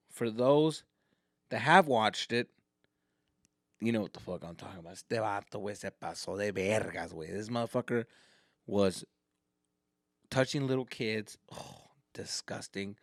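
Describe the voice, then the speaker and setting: A man's voice: lowish voice, no room sound, studio quality. A man hosting a casual solo podcast, ranting profanely and mixing in Spanish. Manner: profane, animated, slips into Spanish. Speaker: podcast host. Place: indoors at home.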